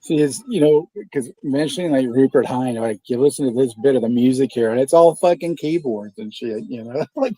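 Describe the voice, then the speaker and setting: A man's voice: mid-range voice, brisk, hardly any pauses, mellow, husky, no room sound, rough recording. A man in casual chat at a watch party, rambling and swearing, laughing often.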